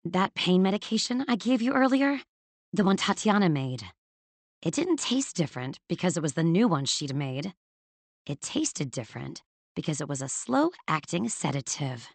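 Female narrator as a wounded young woman turned icy; low, quiet, controlled. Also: big pitch swings, moderate pace, no room sound. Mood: hurt, resolved. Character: young woman, hurt and coldly resolved. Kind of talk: audiobook character voice.

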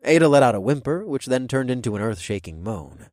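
Expressive man narrating in first person. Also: mid-range voice, brisk, no echo, studio quality.

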